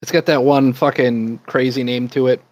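A man's voice: medium pitch, fairly even intonation, moderate pace, no room sound, low-quality recording. A man in casual chat as a podcast co-host, rambling and laid-back, cursing freely as he reminisces.

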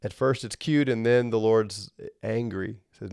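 A man's voice: on the low side, a little slow, creaky, darkish tone, smooth, dry recording, studio quality. A man teaching a Bible lesson in a conversational way, often checking in with the listener.

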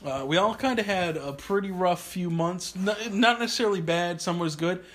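Male podcast co-host, high-pitched, chill, swears freely, studio banter. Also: normal speed, a bit bright. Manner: laid-back, peppers speech with "dude", swears.

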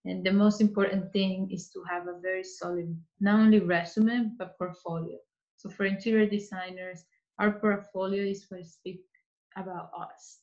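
Woman, earnest advice, restarts often, middle pitch, slightly dull recording. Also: darkish tone. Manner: earnest, speaks in restarts and repeats. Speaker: interior designer guest. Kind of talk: casual interview advice.

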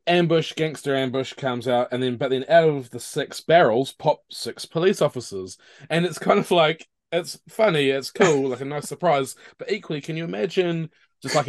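A man from New Zealand co-hosts a casual podcast chat, recorded dry and close with no room sound. He thinks out loud as he talks, pausing and restarting now and then. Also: medium pitch, no echo. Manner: hesitant, thinks aloud. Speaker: podcast co-host.

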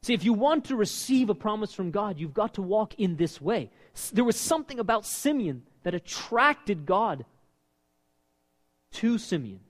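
A man preaching a sermon as pastor, animated and asking his listeners questions. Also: sits high, moderate pace. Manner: animated, asks the congregation questions. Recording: long reverb of a hall.

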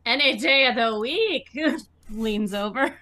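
A woman's voice: fairly high pitch, lively intonation, slow, pushed and bright. A woman playing a ship captain in a tabletop game, playful and flirty. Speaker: player.

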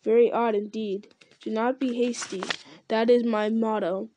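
A woman voicing an ancient, giant male tree creature who speaks slowly and solemnly, murmuring and humming as he thinks. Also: on the high side, steady tone, warm tone, slight background noise, lightly acted. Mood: ponderous. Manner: slow, deliberate, murmuring with hums.

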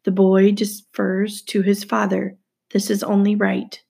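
A woman reading aloud voices a calm, measured male sea god who speaks with quiet authority. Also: medium pitch, gravelly, breathy edge.

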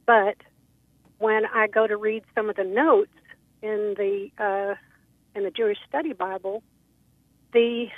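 A woman's voice: mid-range voice, fairly even intonation, a little slow, long pauses, no room sound. A woman from Texas calling in to a radio show, polite and a little hesitant, with many ums. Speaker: caller. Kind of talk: call-in radio conversation. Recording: tinny phone line.

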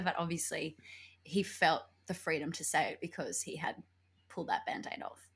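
Chatty woman, animated storyteller. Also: lowish voice, normal speed, slightly rough. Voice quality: animated, laughs often, acts out quoted voices. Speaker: podcast co-host. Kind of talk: casual chat, storytelling.

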